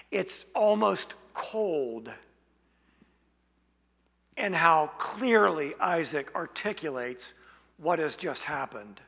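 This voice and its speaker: Male preacher, slightly high, gravelly voice; slow deliberate sermon delivery in a reverberant hall. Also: sharp tone. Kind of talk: expository sermon.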